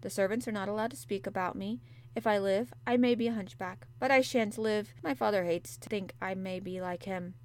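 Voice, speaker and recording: A woman's voice: medium pitch, brisk, natural voice. A woman voicing a sickly, fretful young boy who talks in a half-whispered, anxious, insistent way. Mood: bitter.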